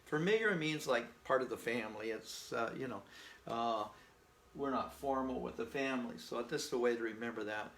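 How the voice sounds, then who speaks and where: Man, language teacher, folksy and patient, gravelly voice, echoey room. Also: mid-range voice, fairly bright tone, a little hiss or hum. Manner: slow, patient, folksy explaining with memory tricks. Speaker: Spanish teacher. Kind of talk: informal language lesson.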